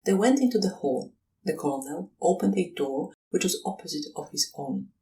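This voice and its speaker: An audiobook narrator reading a classic story in measured, even scripted narration. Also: medium pitch, vocal fry, recorded from a distance, rough recording.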